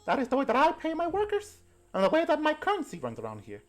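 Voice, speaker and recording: A woman voicing a sweet, fussy old grandmother who runs a farm, in a doting, drawn-out singsong manner. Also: high-pitched, huge pitch swings, darkish tone, voice pushed up. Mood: chatty.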